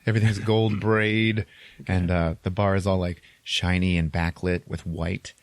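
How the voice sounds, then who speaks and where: Lively man retelling a movie plot. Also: deep voice, measured pace, no room sound. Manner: animated retelling with acted-out quotes and laughter. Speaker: podcast co-host. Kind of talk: casual movie recap chat.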